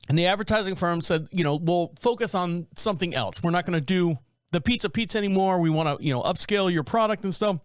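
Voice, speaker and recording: A man's voice: high-pitched, no room sound, studio quality. A man, hosting a podcast in a rambling, jokey, self-mocking way. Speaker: podcast host. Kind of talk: casual solo podcast chat.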